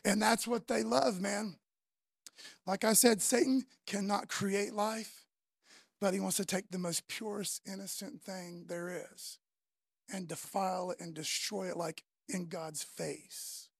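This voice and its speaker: Gravelly-voiced woman preaching fervently. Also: mid-range voice, steady tone, a little slow, no room sound. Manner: fervent, conversational, slangy. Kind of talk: sermon.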